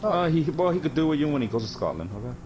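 A man's voice: a little high, big pitch swings, racing, lo-fi sound, noisy background. A young man in casual party chat over a headset, laid-back and brushing off teasing.

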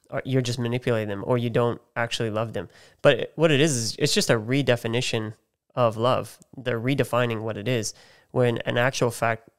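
A man hosting a casual podcast conversation, his voice smooth and resonant. He talks thoughtfully in a level, steady tone, with a few hesitant restarts as he works out his point. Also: mid-range voice. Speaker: podcast host.

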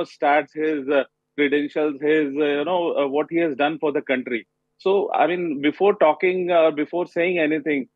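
A man being interviewed live on a TV panel as a cricket coach, speaking haltingly with many pauses. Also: a little high, slightly rough, dry recording. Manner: halting, pausing often with fillers. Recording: tinny phone line.

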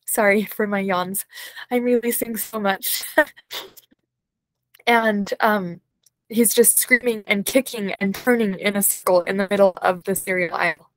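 A woman leading an unscripted guided imagery session, speaking slowly and soothingly, with soft laughs and sighs. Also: medium pitch, dry recording, rough recording. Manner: slow, soothing guidance with soft laughs and yawns.

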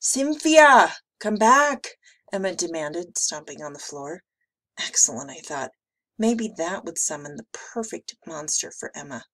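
A woman teacher reading a picture book aloud with slow, expressive delivery. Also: sits low.

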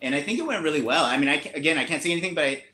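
A man's voice: fairly high pitch, lively intonation, rapid-fire, sharp tone. Playful man reading aloud in an echoey room. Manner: enthusiastic, playful, laughs often. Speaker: author reading a picture book. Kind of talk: storytime read-aloud. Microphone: video call. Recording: roomy echo on a video call.

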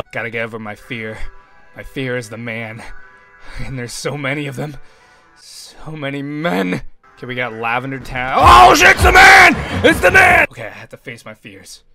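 Excitable young man yelling over gameplay. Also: medium pitch, moderate pace, creaky, music in the background. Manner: loud excitable reactions, frequent yelling and swearing. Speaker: gaming YouTuber. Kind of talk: gameplay commentary.

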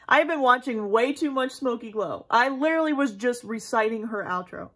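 A woman's voice: on the high side, expressive, brisk, hardly any pauses, a bit bright. Young female vlogger, casual, self-deprecating, talks to camera. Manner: chatty, rambling, self-deprecating. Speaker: planner vlogger. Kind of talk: casual vlog chat.

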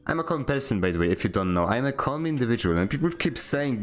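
A man's voice: lowish voice, sing-song, fast talker, hardly any pauses, a little hiss or hum. A young man, streaming a game and barking short voice commands, sarcastic and easily annoyed. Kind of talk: casual gameplay streaming with voice commands.

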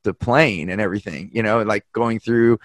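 A man's voice: fairly low pitch, normal speed, no room sound, clean studio sound. A man hosting a podcast, chatting casually and telling stories that he acts out with quoted voices. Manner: animated storyteller who acts out quoted people. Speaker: podcast host. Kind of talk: casual conversation, storytelling. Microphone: podcast mic.

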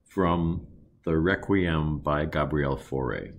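A man leading a choir diction lesson, explaining vowel sounds carefully and singing slow demonstrations. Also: very deep voice. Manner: unhurried, careful teaching with slow sung demonstrations. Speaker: choir director.

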